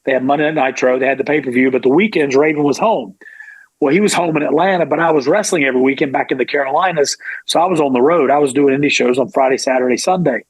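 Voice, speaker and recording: A middle-aged man, a former pro wrestler, telling a lively story in an interview. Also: mid-range voice, fast, slightly rough, no room sound, rough recording. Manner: animated, acts out quoted voices.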